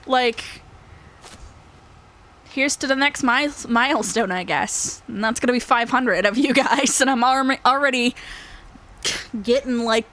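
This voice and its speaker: High, bright and forceful, this young woman's voice carries a casual chat with her viewers on her gaming YouTube channel. Her talk wanders emotionally, full of laughter and filler words, "like" especially.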